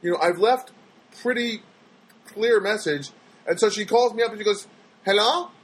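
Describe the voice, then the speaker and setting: A man's voice: high voice, moderate pace, breathy edge, poor audio. A man telling everyday stories to his viewers in a rambling, exasperated way, with frequent restarts, and mimicking other people in his quotes. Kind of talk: casual storytelling monologue.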